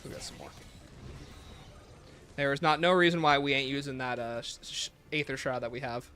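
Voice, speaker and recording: Streaming a game live, a man chats casually with his viewers, joking at his own expense while reading chat and commenting on gameplay. His mid-range voice is pushed and bright at a moderate pace, with a faint game music playlist behind him.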